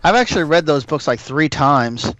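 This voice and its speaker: A man co-hosting a podcast, telling stories in a lively anecdotal way. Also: on the high side, normal speed, no echo. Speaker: podcast co-host. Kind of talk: casual chat. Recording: slightly dull lo-fi podcast audio.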